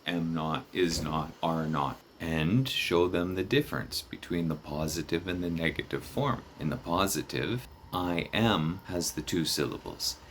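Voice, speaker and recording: Slow, deep-voiced man demonstrating phrases. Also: fairly bright tone, a little hiss or hum. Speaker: teacher trainer. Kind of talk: instructional narration.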